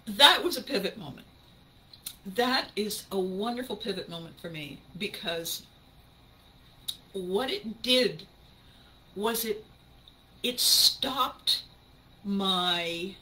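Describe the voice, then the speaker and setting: A woman hosting a podcast, telling a personal story in an animated way and often laughing as she speaks. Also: medium pitch, takes it slowly, long pauses, slight background noise, low-quality recording. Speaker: podcast host.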